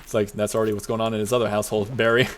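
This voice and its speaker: A man's voice: on the low side, level tone, rapid-fire, slight background noise. A man streaming a farming game live, chatting to himself in a rambling, jokey way with lots of side tangents. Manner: rambling, jokey, self-talking asides. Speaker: VTuber streamer. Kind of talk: live-streamed gameplay commentary.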